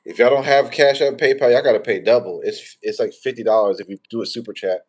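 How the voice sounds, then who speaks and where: A man's voice: medium pitch, steady tone, fast talker, a little mellow, slightly rough. A man, hosting a tarot livestream in rambling, profane, joking casual chat.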